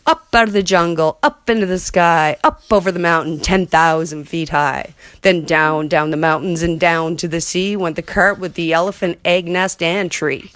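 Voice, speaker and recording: A woman's voice: on the low side, moderate pace, hardly any pauses, a bit bright, no echo. A woman reading a rhyming children's picture book aloud as a storyteller, in a rhythmic way.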